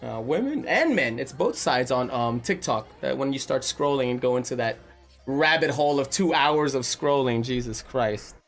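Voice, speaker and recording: A man's voice: mid-range voice, moderate pace. A married man hosting a casual stream, chatting and reading viewer messages aloud as he tells stories. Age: adult, married. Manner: animated storyteller, reads chat messages aloud. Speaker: stream host reading chat. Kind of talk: casual chat.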